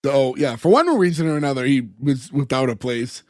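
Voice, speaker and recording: A man's voice: mid-range voice, brisk, darkish tone, no room sound, studio quality. A man co-hosting a podcast, chatting casually and rambling about a sitcom episode with lots of fillers. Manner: rambling, laughs often, many fillers. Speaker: podcast co-host.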